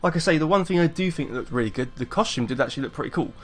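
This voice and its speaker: A man's voice: fairly high pitch, animated, very fast. A man from England with an English accent, chatting casually as a video reaction host. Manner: laid-back, chatty, meandering.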